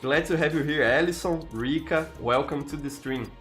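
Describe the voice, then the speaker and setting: A man's voice: a little high, normal speed. Brazilian guy streaming, kinda tired, lots of little restarts, faint music in the back. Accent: Brazilian Portuguese. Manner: greets viewers by name, frequent restarts, relaxed. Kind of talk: casual live-stream chat.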